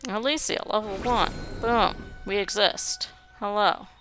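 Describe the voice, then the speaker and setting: A woman's voice: mid-range voice, fairly even intonation, takes it slowly, a bit bright, faint music behind. A young woman giving wry, sarcastic commentary while playing a building game. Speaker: game streamer. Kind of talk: gameplay commentary.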